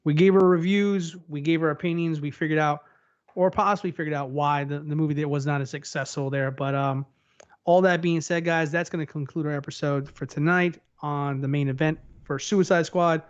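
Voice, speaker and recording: A male host leads a casual fan podcast in a blunt, teasing manner. His voice sits somewhat high. The sound is dull and lo-fi, like muffled online-call audio. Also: fairly even intonation, fairly quick, clean tone. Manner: blunt, teasing, challenges the others. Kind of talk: casual panel chat.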